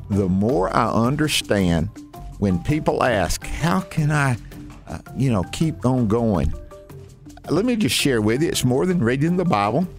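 A man hosting a Christian missions program, talking in a folksy, rambling way with frequent fillers and restarts. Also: mid-range voice. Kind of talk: conversational interview.

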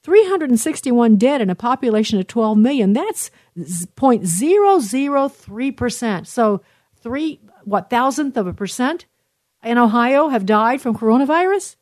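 A woman's voice: a little high, sing-song, moderate pace, a little mellow, dry recording, clean studio sound. Earnest woman radio talk host. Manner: earnest, emotional, with many fillers and restarts. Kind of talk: reading listener messages on talk radio.

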